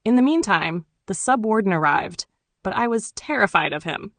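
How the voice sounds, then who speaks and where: A woman reading memoir narration in an even, measured way. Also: medium pitch, no echo. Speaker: audiobook narrator.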